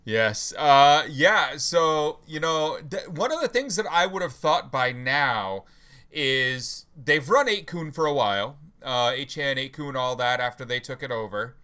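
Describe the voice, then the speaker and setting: A man's voice: medium pitch, unhurried, clear, resonant tone. A man hosting a live talk stream, chatting casually with many fillers and restarts, sleepy and yawning. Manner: relaxed, rambling with many fillers. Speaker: host. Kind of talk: casual livestream chat.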